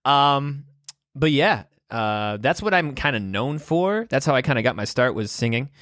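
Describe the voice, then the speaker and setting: A man in his twenties from Wisconsin talks through a casual solo podcast from a room in his home. His voice sits at a middling pitch and is recorded dry and close, with no room sound. He rambles, restarts his sentences and fills the gaps with ums and short laughs. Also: expressive, normal speed, a bit bright, no echo. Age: 20s. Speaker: podcast host. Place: room at home with guitars on the wall.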